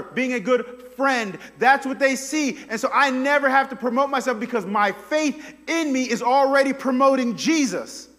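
A man preaching in a casual, conversational way with a fairly high voice. He moves between loud bursts and near-hushed stretches, and a long reverb trails each phrase. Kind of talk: sermon.

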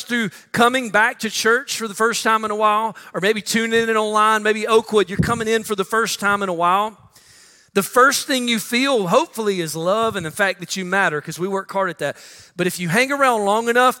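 A man's voice: high-pitched, pushed and bright, in a large hall. A middle-aged man preaching a conversational sermon as pastor, often saying "listen" and acting out quotes. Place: church sanctuary.

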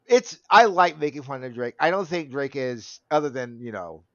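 A man's voice: medium pitch, lively intonation, normal speed, fairly bright tone, dry recording, dull audio. A man in his thirties in casual chat, rambling and laughing often. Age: 30s.

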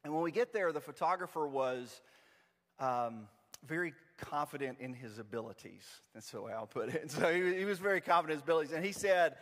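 Preacher, man in his forties, animated storyteller with a slightly high voice, long church reverb. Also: brisk. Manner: storytelling, self-deprecating and animated. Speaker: pastor. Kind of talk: sermon. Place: church sanctuary.

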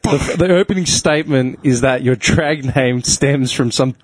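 A man's voice: mid-range voice, a little slow, no room sound. A man hosting a podcast in casual chat, laughing often, swearing and rambling through restarts. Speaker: podcast host. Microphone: studio mic.

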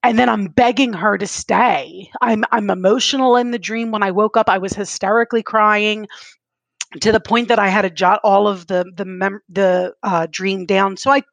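Gravelly-voiced woman telling stories candidly. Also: mid-range voice, fairly even intonation, normal speed, no room sound. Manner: candid, rambling storytelling with laughter; emotional, close to tears when recounting. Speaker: podcast co-host. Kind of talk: casual chat.

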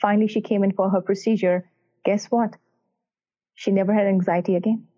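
A woman's voice: medium pitch, steady tone, fairly quick, dark tone. Earnest woman doctor on a tinny line. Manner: earnest and emphatic, telling patient stories. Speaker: cardiac electrophysiologist guest. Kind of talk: podcast interview answers. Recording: tinny phone-line sound.

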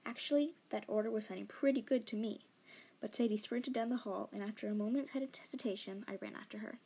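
A woman narrating a fantasy novel as a fan audiobook. Her reading is expressive and breathy, with a husky texture. She slips into whispers for tense moments. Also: mid-range voice, brisk. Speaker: audiobook reader.

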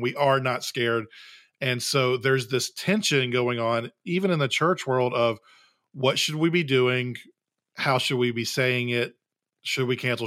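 A man's voice: medium pitch, a bit bright. Podcast host guy, mid voice, thoughtful, kinda exasperated, asking questions. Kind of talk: casual podcast conversation.

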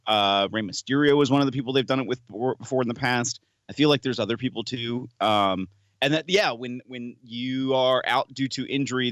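A man's voice: medium pitch, a bit bright, dry recording, studio quality. A man co-hosting a podcast in casual chat, with a matter-of-fact, plainly spoken delivery. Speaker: podcast co-host.

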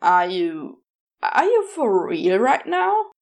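A woman's voice: mid-range voice, wildly swooping pitch, slow, creaky, heavily acted. A woman voicing a wry, sulky male demon in a podfic reading. He talks in a self-mocking, hesitant way. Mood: flustered.

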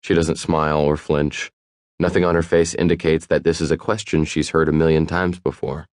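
Deep-voiced man narrating an audiobook. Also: level tone, moderate pace, no room sound, studio quality. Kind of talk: first-person audiobook narration.

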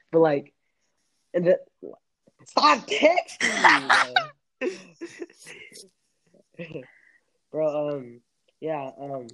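A man's voice: fairly high pitch, dark tone, dull audio. Rambling young man on a podcast. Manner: rambling, restarts and laughs often. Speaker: podcast host. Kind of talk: casual chat.

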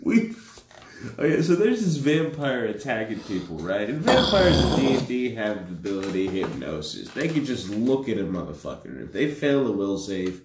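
Animated low-voiced man, echoey room. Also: background noise. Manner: joking, animated storyteller, laughs often. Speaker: tabletop gaming podcast co-host. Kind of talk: casual banter about tabletop games.

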